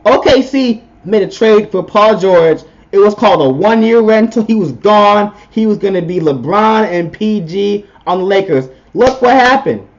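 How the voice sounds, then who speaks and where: High-voiced man ranting about sports. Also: animated, normal speed, few pauses, muffled recording. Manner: opinionated, blunt, riled up. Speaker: podcast co-host. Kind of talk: casual sports talk rant.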